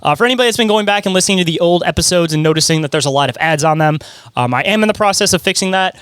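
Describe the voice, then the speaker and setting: A man's voice: high voice, racing, a bit bright, clean tone, no room sound. A man co-hosting a podcast in casual chat, loose and chatty, laughing often. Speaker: podcast co-host.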